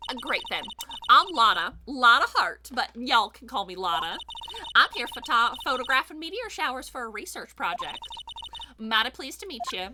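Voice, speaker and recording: A woman voicing a brash, loud young Southern country woman with a put-on Southern drawl while playing a video game. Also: a little high, big pitch swings, normal speed, noisy background. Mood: friendly. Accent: generic Southern US put-on. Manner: drawling, sassy, folksy. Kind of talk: video game voice-over play-through.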